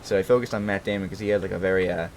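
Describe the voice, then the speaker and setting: Host, twenties, from Brooklyn, New York; low-pitched, rambling casual chat with swearing and self-corrections. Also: male voice, steady tone, racing, vocal fry, darkish tone, slight background noise. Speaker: channel host.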